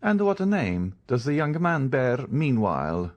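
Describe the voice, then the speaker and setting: A man's voice: medium pitch, big pitch swings, measured pace, pitched above the performer's own voice. A man reading the part of a stern, commanding count disguised as a priest, questioning in an audiobook. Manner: commanding, interrogating.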